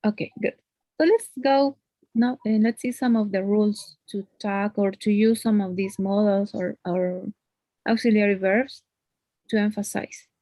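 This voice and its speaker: A woman gives a one-on-one English lesson in a mid-pitched voice. Her talk is patient and explanatory, and she keeps checking in with a little "no?". The recording is dry and close, with no room sound. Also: steady tone, unhurried, dark tone, dry recording. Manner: explains patiently, often adds "no?" as a tag. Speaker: English teacher.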